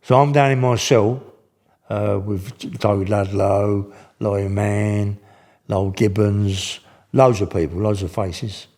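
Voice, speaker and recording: A man's voice: on the low side, steady tone, slow pace, darkish tone. Rambling older man telling stories. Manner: rambling, slangy, full of restarts. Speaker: guest. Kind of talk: casual storytelling.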